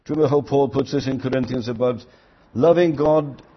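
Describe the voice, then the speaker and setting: A man's voice: mid-range voice, fairly quick, breathy edge, lo-fi sound. An older man preaching a sermon, earnest, rising to emphatic quoted lines.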